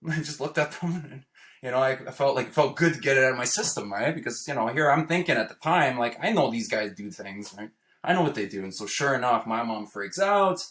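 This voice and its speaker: Guy from toronto telling a story, chatty and lively, does the voices, mid pitch, echoey room. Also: a little fast. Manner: casual, animated, acts out quotes, tags lines with "right?". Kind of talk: personal storytelling. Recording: roomy echo.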